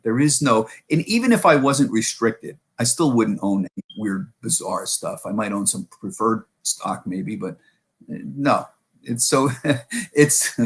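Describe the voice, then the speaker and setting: A man's voice: mid-range voice, fairly bright tone. A middle-aged man, a markets correspondent, talking casually in an interview and telling stories with many restarts and self-corrections.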